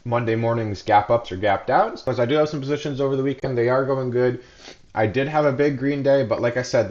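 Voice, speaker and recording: A man speaking quickly, cramming in one point after the next as he recaps his trading month for viewers. His pitch sits in an ordinary middle range for a man. The recording is a little dull and lo-fi. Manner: talks fast, packing in information. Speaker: day trader.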